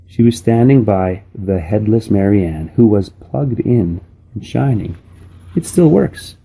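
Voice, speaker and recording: A man reading a children's novel aloud in a steady, unhurried storybook manner. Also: lowish voice, breathy edge. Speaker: reader.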